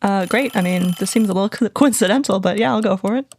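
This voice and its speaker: Playful gravelly woman player. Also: medium pitch, quick pace, a little mellow, a little hiss or hum. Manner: playful, giggly. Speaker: player, co-host. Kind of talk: casual podcast chat, tabletop play.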